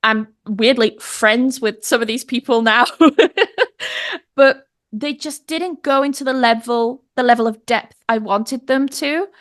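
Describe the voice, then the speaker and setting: This pronunciation teacher, a woman in her thirties with a British English accent, takes it slowly in a slightly high voice. Appearing as a guest in a relaxed chat, she tells lively stories, laughs a lot and performs the lines people said.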